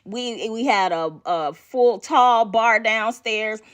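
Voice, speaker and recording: A woman podcast host telling a personal story in an animated way, laughing often and checking in with the listener as she goes. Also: on the high side, takes it slowly.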